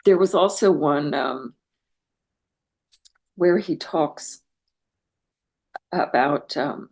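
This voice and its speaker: Older woman, low and measured, reflective interview guest. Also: creaky, darkish tone. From United States. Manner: reflective, searching for words, many restarts. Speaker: guest, translator of Persian poetry. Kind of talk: thoughtful interview conversation.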